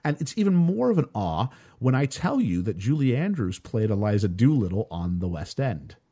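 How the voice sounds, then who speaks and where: A North American man hosting a casual film podcast, chatty and quick to laugh. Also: fairly low pitch, husky. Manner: chatty, animated, laughs often. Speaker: podcast host.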